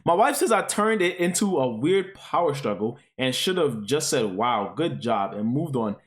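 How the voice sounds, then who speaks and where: Lively profane man reacting on stream. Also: mid-range voice, normal speed. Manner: profane, rambling, exclaiming. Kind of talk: reading and reacting to online posts on stream.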